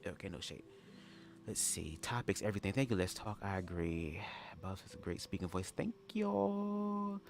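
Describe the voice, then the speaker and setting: A man hosting a casual livestream reaction chat, sassy and profane, telling stories and leaping into high-pitched impressions. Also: brisk, a little hiss or hum. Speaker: livestream host.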